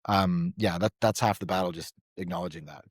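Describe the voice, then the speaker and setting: A man's voice: sits low, fairly quick, dry recording, clean studio sound. A man who coaches men, talking frankly as a podcast guest, telling stories with lots of restarts. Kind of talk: casual podcast conversation.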